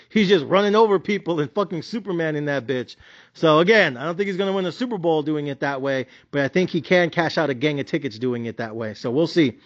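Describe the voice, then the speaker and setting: A sports betting commentator with a high-sitting voice rants bluntly about his bets, using profanity and slang. The audio sounds dull.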